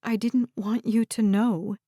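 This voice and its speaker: A woman's voice: a little high, fairly even intonation, takes it slowly, no echo, clean studio sound. A woman voicing a protective young caretaker. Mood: worried. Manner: gentle, soothing, strained.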